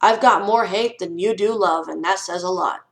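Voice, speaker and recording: A woman's voice: lowish voice, moderate pace, low-quality recording. A young woman vlogging from home, giving frank, earnest advice with some swearing and a ranting manner. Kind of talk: casual vlog advice talk.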